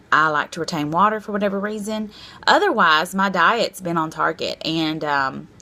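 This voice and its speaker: A woman's voice: low voice, bright, forceful tone. A woman in her thirties talking candidly and rambling a little in a casual diet vlog, self-deprecating and frank. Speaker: vlogger.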